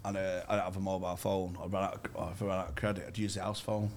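A man's voice: low-pitched, little pitch movement, racing, slight background noise. A man co-hosting a podcast, telling crude stories in casual banter and laughing often. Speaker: podcast co-host.

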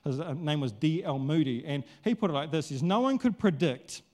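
A male pastor preaching a sermon in a casual, conversational, animated way, acting out quotes. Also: a little high, a little fast.

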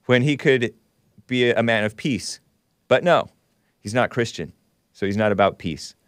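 A man's voice: medium pitch, animated, unhurried, no echo. Sarcastic male talk-show host, dry mic. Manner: sarcastic, mocking asides, chuckles while reading. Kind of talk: casual commentary monologue.

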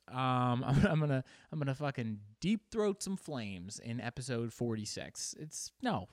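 A man's voice: mid-range voice, very animated, a little slow, hardly any pauses, no echo. Male solo podcast host, rambling and self-mocking, curses often, dry close sound. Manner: rambling, self-deprecating, swears freely. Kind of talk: casual solo podcast monologue.

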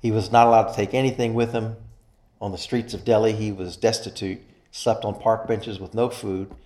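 A man preaching a sermon in an earnest style, stressing key phrases slowly. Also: lowish voice, steady tone, a little mellow. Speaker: pastor. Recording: echoey room.

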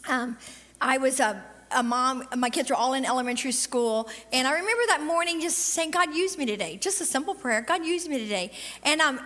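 Woman preacher, middle-aged, high bright voice, lively testimony style, long church reverb. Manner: animated storytelling, quick bursts and drawn-out emphasis. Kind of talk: sermon with personal testimony.

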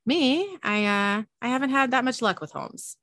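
A woman's voice: fairly high pitch, lively intonation, normal speed, a bit bright, no echo, voice pushed up. A woman voicing a wary grown man, a younger brother who speaks in a guarded, hesitant way.

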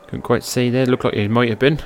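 An excitable wrestling commentator does amateur, brisk play-by-play over old footage into his personal microphone, with a voice of ordinary male pitch. He drifts from quiet, offhand description to sudden loud, high-pitched shouts, and swears when things go wrong.

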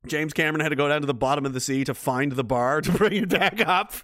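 High-voiced man in a mocking rant. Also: fast talker, fairly bright tone. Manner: profane, mocking rant in a mock spy-boss persona; rambling with frequent restarts and fillers. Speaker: commentator. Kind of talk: sarcastic reaction commentary.

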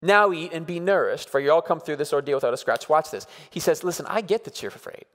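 Pastor, male, 30s, slightly high voice, earnest preaching with long hall reverb. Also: fast talker, a bit bright. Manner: earnest, emphatic, repeats words with "come on". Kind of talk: sermon.

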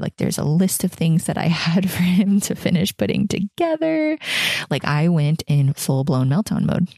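A woman's voice: on the low side, expressive, normal speed, gravelly, mellow, dry recording, studio quality. A pregnant woman in her thirties hosting a podcast, talking candidly and casually about her week, with frequent laughs and restarts. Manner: candid, chatty, laughs often, many fillers and restarts. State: heavily pregnant. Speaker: podcast host. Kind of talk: casual personal reflection.

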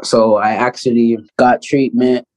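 Animated man telling his life story. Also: mid-range voice, low-quality recording. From Canada. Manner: animated, fast storyteller full of "you know" and "like", acts out quotes; laughs often while telling his story. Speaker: podcast guest, pro basketball player. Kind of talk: casual storytelling interview.

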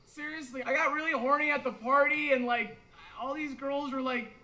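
A man's voice: extremely high pitch, steady tone, moderate pace, pushed and bright, full character voice, poor audio. A clumsy, stammering teen boy. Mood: drunk. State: drunk. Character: awkward young man, clumsy and drunk. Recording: film audio with faint ambience.

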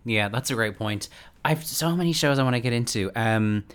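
A man's voice: medium pitch, normal speed, a bit bright, clear, resonant tone. A man hosting a casual podcast chat, talking enthusiastically. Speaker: podcast host.

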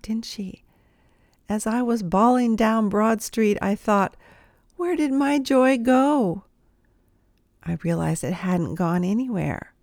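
A woman's voice: mid-range voice, creaky, a little mellow, dry recording, clean studio sound. A woman giving a humorous devotional talk built around a personal story, confiding and often dropping to a whisper.

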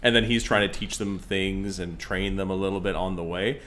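A man's voice: low voice, fairly even intonation, normal speed, fairly bright tone, a little hiss or hum. A man chatting casually about movies, rambling and joking, often trailing off while he searches for words.

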